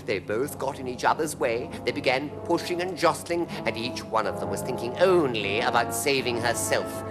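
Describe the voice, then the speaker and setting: A man's voice: mid-range voice, moderate pace, hardly any pauses. A man with a British English accent reading a children's story aloud in a theatrical way, with dramatic swoops. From Britain. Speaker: reader. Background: music.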